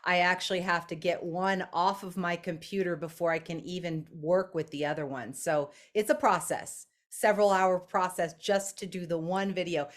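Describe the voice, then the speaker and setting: A woman's voice: fairly low pitch, fairly even intonation, moderate pace, few pauses. A woman on a video call explaining technical work in a matter-of-fact way. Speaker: technical support for the summit.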